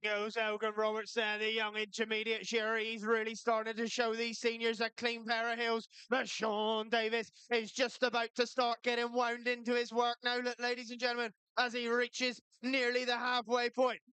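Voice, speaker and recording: A woman giving lively, colourful live commentary on a shearing competition. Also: on the high side, normal speed, hardly any pauses, clean tone, no room sound. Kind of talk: live sports commentary over a PA.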